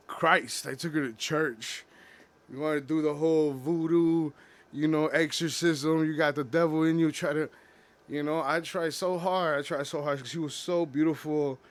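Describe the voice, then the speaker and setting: A young man talking about his past in a personal confessional vlog, halting and full of restarts. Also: a little high, steady tone. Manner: halting, many restarts and fillers. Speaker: vlogger.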